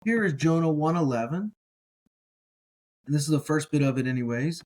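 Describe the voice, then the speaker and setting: A man teaching a relaxed, casual language lesson, carefully sounding out each word slowly and repeating it, with encouraging asides. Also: fairly high pitch, low-quality recording. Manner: relaxed, encouraging, thinks aloud with fillers. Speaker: Hebrew teacher.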